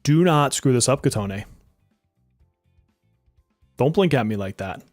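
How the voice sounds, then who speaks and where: Lively, exasperated male game streamer. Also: medium pitch, measured pace, no echo, clean studio sound, soft background music. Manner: exasperated, joking, swears and laughs often; talks to chat viewers directly. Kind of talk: live-stream gaming commentary.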